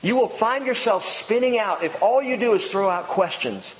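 A man preaching a sermon as pastor, building with emphatic repetition and then dropping into a hushed prayer. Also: high-pitched, lively intonation, moderate pace, long reverb tail, rough recording.

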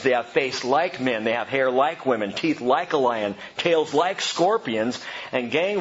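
A man preaching a sermon, animated, calling his listeners "gang" and explaining scripture. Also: fairly high pitch, lo-fi sound, a little hiss or hum. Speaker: pastor.

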